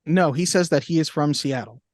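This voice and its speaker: A young man co-hosting a movie podcast, joking and slipping into quick impressions. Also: a little high, no room sound, studio quality. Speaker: podcast co-host. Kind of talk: casual chat.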